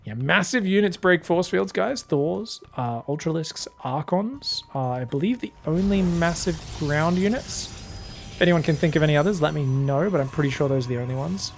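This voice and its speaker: A man casting a live strategy game match with excitable, casual play-by-play that swings between hype and relaxed chat with viewers. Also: on the high side, normal speed, creaky, a little hiss or hum. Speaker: esports caster.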